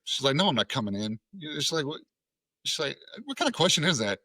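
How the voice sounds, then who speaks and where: A man in his thirties from Tennessee tells a story as a podcast guest. His voice is bright and forceful. He swears easily and slips into the voices of everyone in the story, and the recording is dry and close. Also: on the high side, sing-song, fairly quick, no echo. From Tennessee, USA. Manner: profane, acts out quoted dialogue. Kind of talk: casual storytelling.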